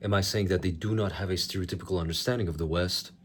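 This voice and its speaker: A man's voice: low voice, steady tone, fast talker, a little hiss or hum. An Iranian man hosting his channel, giving sarcastic, impassioned commentary to camera. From Iran. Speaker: channel host.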